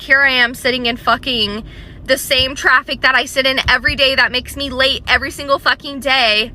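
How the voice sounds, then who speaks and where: A woman's voice: high-pitched, pushed and bright, rough recording. A woman vlogging from her car in traffic, venting with heavy swearing and lots of filler words. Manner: frustrated, swears often, many fillers. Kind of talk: venting rant to camera. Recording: car and traffic noise behind.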